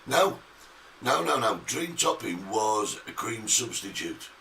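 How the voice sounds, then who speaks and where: A man's voice: on the low side, very animated, takes it slowly, vocal fry, bright, forceful tone. A middle-aged British man co-hosting a casual talk show, chatty and emphatic as he reminisces. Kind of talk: casual chat. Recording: distant mic with faint noise.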